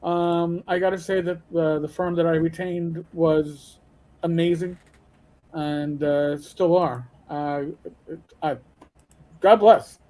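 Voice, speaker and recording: A man's voice: fairly high pitch, steady tone, slow, mellow. An older retired man, hosting a casual livestream chat and telling stories bluntly. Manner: blunt, storytelling with profanity. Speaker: show host.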